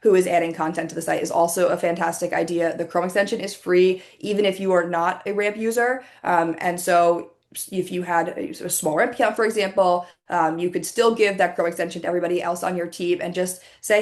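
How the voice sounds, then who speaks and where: A woman presenting a webinar over a video call, talking conversationally with frequent ums, her voice starting to go hoarse. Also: lowish voice, steady tone, brisk. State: voice going hoarse, coughing.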